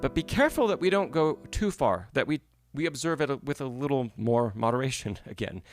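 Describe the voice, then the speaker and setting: A man's voice: medium pitch, animated, brisk. A man teaching piano in a live masterclass, explaining phrasing patiently and checking in often with the student. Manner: patient, explanatory, frequent "right?" and "yes?" check-ins. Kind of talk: live-streamed masterclass feedback.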